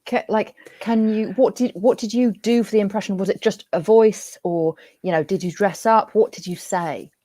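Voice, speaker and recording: A woman's voice: medium pitch, normal speed, few pauses, dark tone, no room sound. A woman in her thirties on a comedy panel, eagerly prodding with questions. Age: 30s. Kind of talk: casual comedic banter. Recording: background noise.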